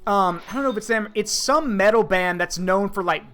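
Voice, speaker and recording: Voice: mid-range voice, a little fast, pushed and bright, soft background music. A streamer host in casual chat, telling a long story with lots of fillers and restarts. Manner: rambling, filler-heavy storytelling.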